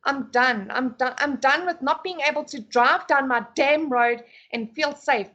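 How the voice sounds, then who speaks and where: A woman's voice: high voice, a little slow, bright, forceful tone, muffled recording. A woman venting angrily in casual chat, swearing and exasperated as a podcast co-host. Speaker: beauty therapist.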